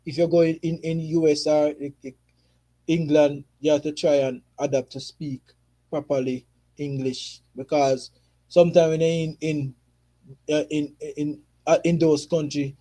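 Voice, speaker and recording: A man's voice: a little high, level tone, a little slow, warm tone. Jamaican man chatting on a livestream. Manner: patois mixed with English, frequent "you see me" tags. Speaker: football streamer. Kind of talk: casual livestream chat reading viewer comments.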